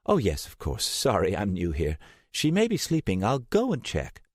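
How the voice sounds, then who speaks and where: A man's voice: on the low side, huge pitch swings, moderate pace, breathy edge, no echo, clean studio sound, voice pushed up, full character voice. A man voicing a flustered, hesitant young woman working at a care home. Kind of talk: audiobook character voice.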